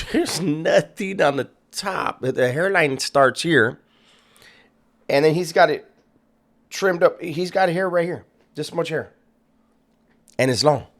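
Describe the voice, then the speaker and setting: A man's voice: fairly high pitch, slow, long pauses. A man hosting a reaction video, making sarcastic, profane and mocking commentary. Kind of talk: casual commentary.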